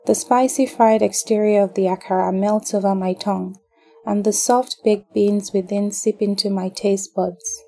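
A woman from Nigeria narrating a first-person horror story in a calm, scripted reading. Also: medium pitch, normal speed, creaky.

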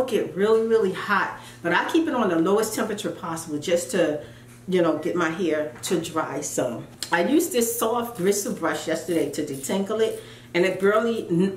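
A woman's voice: fairly low pitch, normal speed. A middle-aged woman chatting casually and telling a story, acting out voices with folksy asides. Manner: animated storyteller who acts out voices, folksy asides like "child" and "y'all". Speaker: vlogger. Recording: echoey room with faint ambient noise.

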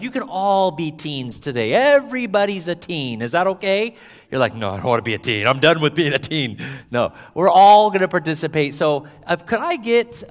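Chatty pastor quizzing his congregation. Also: fairly high pitch. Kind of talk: interactive Bible trivia sermon. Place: church sanctuary. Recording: long church reverb.

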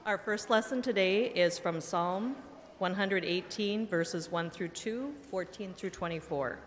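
A woman lector reading a psalm aloud in church, in a measured, even way. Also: medium pitch. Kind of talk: scripture reading. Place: church sanctuary. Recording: long church reverb, faint background noise.

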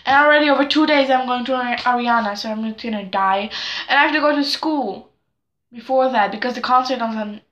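A teenage girl chatting to camera at home in an excitable, rambling, self-deprecating way. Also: a little high, a little fast, roomy sound, lo-fi sound. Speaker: vlogger. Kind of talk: casual chat to camera.

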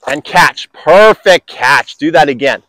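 A man's voice: fairly high pitch, animated, unhurried, sharp tone, no echo. A man coaching tennis on an outdoor court, upbeat and encouraging with enthusiastic praise.

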